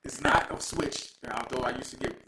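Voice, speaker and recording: A man's voice: mid-range voice, steady tone, moderate pace. A man from Texas, hosting a live show in a playful, preachy storytelling way. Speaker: host. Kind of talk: lively live show talk. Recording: echoey room with loud noise.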